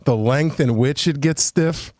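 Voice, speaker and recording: A man's voice: on the high side, a little slow, a little mellow, no echo, studio quality. A man hosting a podcast in casual, jokey chat, rambling and swearing freely. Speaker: podcast host. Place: small studio.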